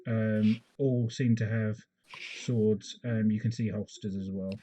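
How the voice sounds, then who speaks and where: A man narrating as game master of a tabletop game, with a halting, filler-heavy delivery. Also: fairly low pitch, steady tone, mellow, dull audio, a little hiss or hum. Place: home, online session.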